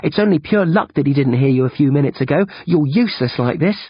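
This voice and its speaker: A man's voice: fairly high pitch, very animated, fairly quick, breathy edge, dry recording, voice pushed up, full character voice. A man voicing a determined, protective teenage boy who speaks in an urgent, clipped, firm way. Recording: dull lo-fi recording.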